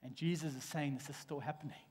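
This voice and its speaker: A man preaching a sermon in a church, telling stories in a lively way with frequent restarts. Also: on the high side, quick pace, breathy edge. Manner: animated storytelling with restarts. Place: church sanctuary. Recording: long church hall reverb.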